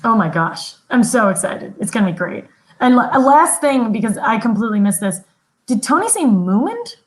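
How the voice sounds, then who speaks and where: Young female podcast co-host, bubbly and casual, higher voice. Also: normal speed, rough recording. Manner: upbeat, giggly.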